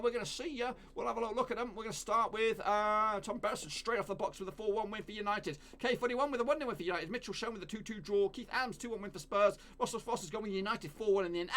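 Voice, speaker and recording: A man's voice: high voice, fairly bright tone. A man hosting a football predictions stream, chatting casually and rambling, with mild swearing and self-corrections. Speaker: football prediction channel host.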